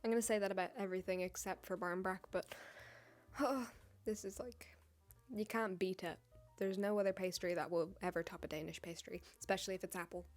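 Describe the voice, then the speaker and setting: A woman's voice: mid-range voice, steady tone, a little fast, faint music behind. A woman with an English accent, chatting in a casual vlog as a baker, joking and poking fun at herself. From United Kingdom. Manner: jokey, self-mocking, chatty asides. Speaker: baker and video creator. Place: home, tripod camera.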